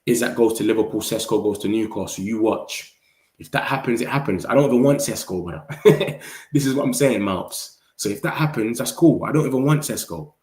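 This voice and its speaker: A man hosting a football channel, chatting casually with viewers in slangy, animated talk. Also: mid-range voice, a little fast, echoey room. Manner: slangy, animated, talks straight to chat. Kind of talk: casual live-stream chat reading viewer comments.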